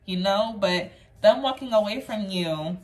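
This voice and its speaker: A woman's voice: medium pitch, a little slow, a little mellow. A woman giving a casual pick-a-card tarot reading, talking straight to the viewer in a rambling, earnest way, filling her sentences with "like.". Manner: rambling, chatty, fills speech with "like"; earnest, affirming, addresses viewer directly. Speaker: tarot reader.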